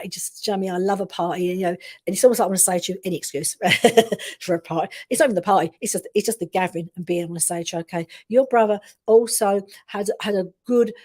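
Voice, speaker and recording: Fast, mellow-voiced woman medium. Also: mid-range voice. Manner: rambling, full of restarts and repeated check-ins. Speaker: medium giving a reading. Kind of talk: live-streamed spirit reading.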